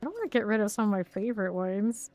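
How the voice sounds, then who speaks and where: A woman's voice: medium pitch, animated, fast, darkish tone, no echo, faint music behind. Chatty woman streaming a game. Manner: chatty, rambling, laughs often. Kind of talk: casual live-stream gaming chat.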